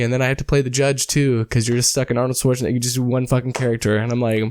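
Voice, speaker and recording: Crude laughing young podcast host. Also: male voice, mid-range voice, little pitch movement, very fast, few pauses, darkish tone, clean tone, no echo. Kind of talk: casual comedy chat.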